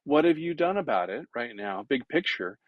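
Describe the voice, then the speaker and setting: A man of middle pitch gives a relaxed, conversational lesson on public speaking, demonstrating his points and filling pauses with "uh". The sound is close and dry, with no room echo. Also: dull audio. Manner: conversational, demonstrative, many fillers. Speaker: instructor.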